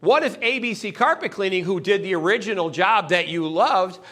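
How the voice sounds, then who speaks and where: A man's voice: sits high, moderate pace. A man giving a motivational sales training talk, acting out customers and salespeople in little scenes. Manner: animated, acts out customers' voices in little scenes.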